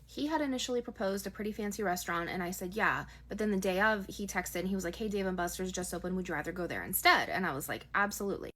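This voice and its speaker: A woman casually retelling a bad first date as a storytime, chatty and quick, acting out quoted dialogue in her own voice. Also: medium pitch, fairly bright tone.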